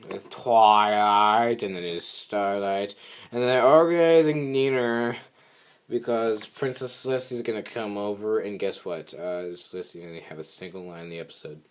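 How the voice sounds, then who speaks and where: A young guy who vlogs regularly recaps a cartoon episode, rambling along with plenty of filler. He puts on squeaky voices whenever he quotes a character.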